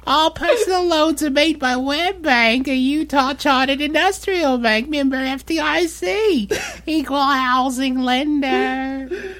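A fussy, neurotic woman, put on by a man, reads out the fine print in a voice pushed very high. The delivery is jerky and stop-start, played for comic effect on a podcast. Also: slow pace, bright, forceful tone, heavily acted. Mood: mock-serious. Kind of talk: comedy podcast bit.

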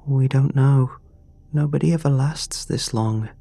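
A man's voice: medium pitch, unhurried, creaky, mellow, dry recording, pitched above the performer's own voice. A man doing a timid young schoolgirl. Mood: fearful.

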